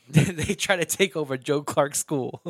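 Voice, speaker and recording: A man co-hosting a casual movie recap chat, animated and profane, often laughing. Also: a little high, no room sound, clean studio sound. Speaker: podcast co-host.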